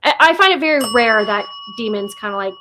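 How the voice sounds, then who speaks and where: A woman's voice: on the high side, expressive, quick pace, noisy background. A woman from Nova Scotia with a Canadian accent, chatting casually as a guest on a paranormal livestream, rambling with lots of fillers.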